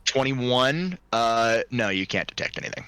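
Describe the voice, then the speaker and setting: Male game master, bright voice, casual and crude, dry close sound. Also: medium pitch, animated, moderate pace, clean tone, no echo. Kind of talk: narrating a tabletop role-play game.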